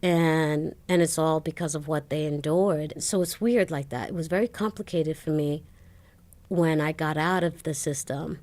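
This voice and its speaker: A middle-aged woman being interviewed, telling her life story with animated retellings of dialogue and frequent laughter. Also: sits low, moderate pace. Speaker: interview guest.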